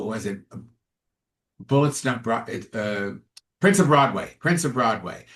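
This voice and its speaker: A man, an actor and comedian, chatting as an interview guest and telling animated stories in which he acts out other people's lines. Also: medium pitch. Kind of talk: casual interview storytelling.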